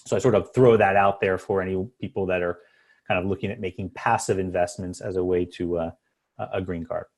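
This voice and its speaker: A man's voice: low voice, steady tone, a little fast. Man explaining immigration law on a webinar. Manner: explanatory, many fillers and restarts. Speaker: immigration attorney presenter. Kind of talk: webinar presentation. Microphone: video call.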